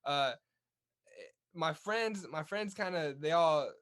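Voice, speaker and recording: A man's voice: fairly high pitch, takes it slowly, a bit bright, smooth. A young man from California's Central Valley, a guest telling stories in a casual interview, upbeat with many restarts. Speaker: guest, Olympic boxer.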